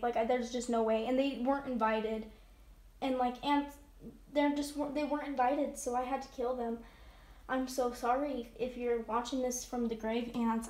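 A woman's voice: sits high, darkish tone. A young woman vlogging without sleep, tired and weepy, rambling and sighing as she talks to the camera. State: exhausted from no sleep. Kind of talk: rambling confessional vlog.

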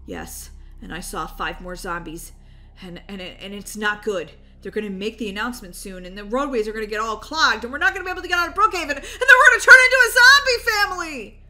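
A woman voicing an anxious, overprepared dad in a Roblox role-play who stammers and rushes his words. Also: medium pitch, sharp tone, slight background noise, lightly acted. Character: panicky dad, eager and overprepared.

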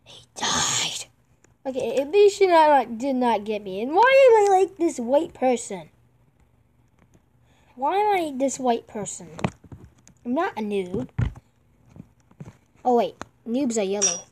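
A woman narrates her online game in a let's-play style, her fairly high voice yelping and pleading at the screen. She talks slowly and drags her words out, repeating the same lines over and over. A faint hiss sits under her voice. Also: very animated, darkish tone. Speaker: gamer playing online with friends. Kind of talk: excitable let's-play commentary.

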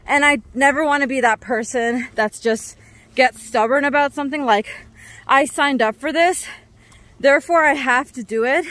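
A woman vlogging outdoors on a mountain trail into a handheld camera, tired and out of breath, often exclaiming in a nervous, breathy way. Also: high voice, normal speed, a bit bright. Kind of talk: casual vlog narration while hiking.

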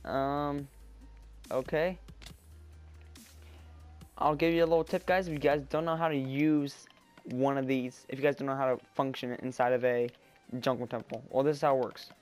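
A man giving chatty let's-play commentary, rambling and getting excited as he plays. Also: medium pitch, moderate pace, long pauses, clear, resonant tone. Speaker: gameplay commentator. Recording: quiet background music. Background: faint background music.

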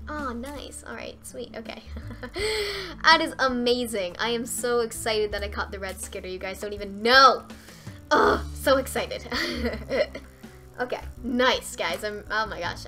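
A young woman streaming a fishing game live, chatting straight to her viewers and breaking into squeals and shouts when she gets excited. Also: a little high, measured pace, soft background music. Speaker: gaming streamer.

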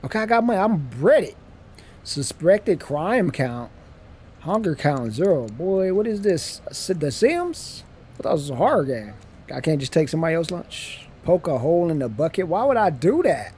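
A man's voice: on the high side, big pitch swings, normal speed, a little mellow, slight background noise. A man hosting a let's-play video, joking in slangy casual talk to his viewers and reading the game's text aloud as he plays. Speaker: gaming channel host.

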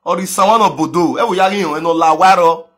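A man with a Nigerian Pidgin accent ranting on a live video, mocking others with frequent laughter and sudden shouts. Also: high voice, fast, slight background noise. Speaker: social media commentator.

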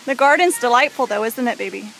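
Mom with a high bright voice, slow and playful, egging her little kid on in a garden, camera mic. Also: a little hiss or hum, poor audio. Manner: coaxing, playful talk to a small child. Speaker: mother filming her toddler son. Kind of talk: casual home video chat. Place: outdoor garden. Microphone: handheld camera mic.

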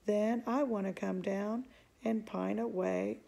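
A woman's voice: medium pitch, fairly even intonation, slow pace, creaky, dark tone, exaggerated voice. A woman doing an eager young boy.

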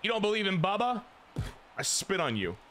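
A young man streaming a baseball video game, giving crude, excitable commentary that jumps into high squeals. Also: normal speed, slight background noise. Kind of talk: casual gameplay commentary.

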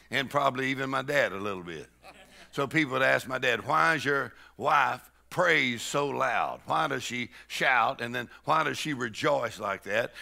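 A man preaches a lively sermon with a deeply gravelly, rough-edged voice. His tone is strikingly bright and forceful. He tells folksy, joking stories and breaks into laughter and shouts as he stirs up the congregation. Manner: laughs and shouts "woo", leads the crowd in rejoicing; folksy storytelling with jokes. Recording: live church sermon.

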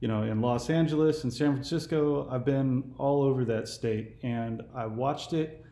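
A man's voice: mid-range voice, normal speed, mellow, roomy sound. A man in his forties from California, hosting a casual phone conversation for his channel in an easygoing, meandering way. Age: 40s. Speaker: YouTube host.

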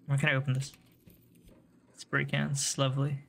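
A man's voice: mid-range voice, monotone, normal speed, gravelly, fairly bright tone. A man streaming a video game live, chatting casually, joking, swearing and laughing a lot as he plays. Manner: jokey, laughs often, swears, teases chat. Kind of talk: casual live gameplay commentary.

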